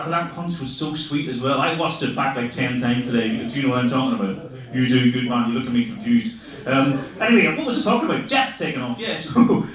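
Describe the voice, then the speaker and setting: An Irish man in his forties doing stand-up comedy, swearing freely and laughing as he teases the crowd. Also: on the high side. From Ireland. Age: 40s. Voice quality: profane, laughing banter. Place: comedy club, live audience. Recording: echoey club from a distance, crowd. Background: audience laughter.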